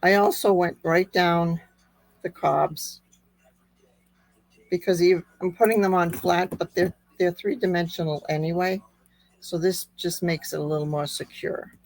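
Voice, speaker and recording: Slow, gravelly-voiced woman crafter. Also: fairly even intonation, a little mellow, no echo, poor audio. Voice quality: squeaky. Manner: unhurried, chatty step-by-step explaining. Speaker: card-making instructor. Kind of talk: craft tutorial narration.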